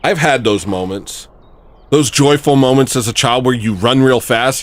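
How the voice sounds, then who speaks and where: A man's voice: medium pitch, moderate pace. A man hosting a livestream, chatting casually and joking as he thanks viewers for donations. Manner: rambling, jokey, reads out super chats. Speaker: livestream host.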